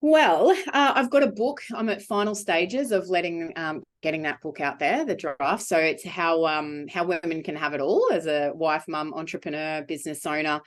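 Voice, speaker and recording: Woman, low voice, business owner guest, blunt and upbeat. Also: normal speed, hardly any pauses. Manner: frank, emphatic and upbeat. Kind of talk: candid interview answers.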